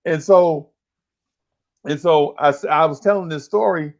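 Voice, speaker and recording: On a recording with the highs cut off, a podcast host in his 50s speaks in a somewhat high voice at a moderate pace, leaving long pauses. He tells stories in a casual, slangy chat, animatedly performing different voices.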